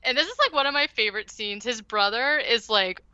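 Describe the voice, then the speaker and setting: A woman's voice: a little high, animated, brisk, sharp tone, clear, resonant tone, no echo, dull audio. A woman podcast host casually recapping a movie, rambling with lots of "like" and "um". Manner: rambling, heavy use of "like" and "um".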